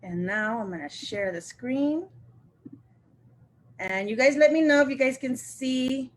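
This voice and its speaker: A woman's voice: sits high, unhurried. Chatty older woman telling a story. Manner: chatty, laughs often, acts out quoted friends. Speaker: sales representative hosting a live video. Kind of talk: casual storytelling to viewers.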